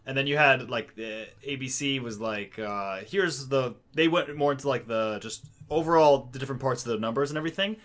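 A man's voice: mid-range voice, brisk, hardly any pauses, a bit bright. A man co-hosting a casual political chat, recounting what he saw with disbelief and frequent swearing. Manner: incredulous storyteller, swears for emphasis. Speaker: podcast co-host.

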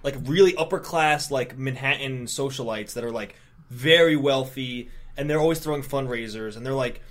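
A man's voice: medium pitch, normal speed, fairly bright tone. Dry-joking man on a podcast. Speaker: podcast co-host. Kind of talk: casual chat.

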